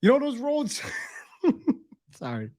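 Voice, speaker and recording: A man's voice: very high-pitched, huge pitch swings, slow, darkish tone. An Irish man in casual commentary, telling stories full of swearing and laughing through them. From Ireland. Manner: profane, laughs through his own stories. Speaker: streamer reacting to a livestream.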